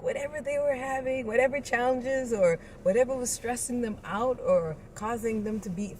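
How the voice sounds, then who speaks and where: A woman birth coach giving an encouraging, playful motivational talk and acting out little inner voices. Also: mid-range voice. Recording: distant mic with loud road noise.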